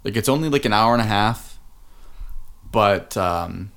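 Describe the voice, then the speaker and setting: Gravelly low-voiced man on a podcast. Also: animated, measured pace, a bit bright. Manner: swearing, giggly, trails off mid-sentence. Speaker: podcast co-host. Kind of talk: casual chat.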